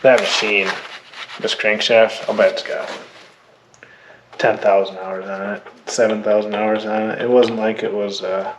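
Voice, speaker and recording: Young guy walking thru a diesel rebuild, slow easygoing talk, tools clanking loud in the shop. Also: on the low side, a little hiss or hum. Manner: thinks aloud while working, plain-spoken and relaxed. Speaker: mechanic rebuilding a diesel engine. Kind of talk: hands-on how-to narration.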